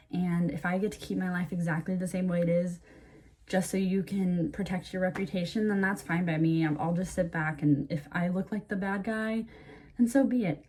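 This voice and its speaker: Chatty young woman telling a storytime vlog. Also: lowish voice. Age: young adult. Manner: chatty, lots of fillers and "like"; animated when quoting others. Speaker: vlogger.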